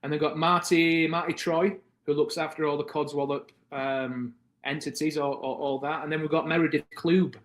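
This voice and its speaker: A man in his thirties with a British accent, a podcast guest telling his story in a lively, casual way and acting out the other people's lines. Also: fairly high pitch, moderate pace, few pauses. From Britain. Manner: animated, acts out the voices of people in his stories. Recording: echoey room.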